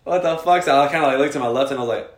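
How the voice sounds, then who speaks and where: A young man co-hosting a casual podcast, telling a story with lots of slang and swearing and getting loud and animated at the scary parts. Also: mid-range voice, very fast. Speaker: podcast co-host. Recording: echoey room.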